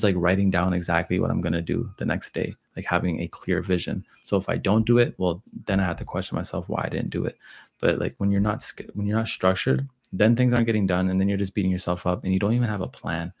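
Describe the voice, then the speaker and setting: Deep, gravelly-voiced man chatting casually. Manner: loose, relaxed talk full of "like" and "you know". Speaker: livestream host answering viewer questions. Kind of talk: casual livestream chat.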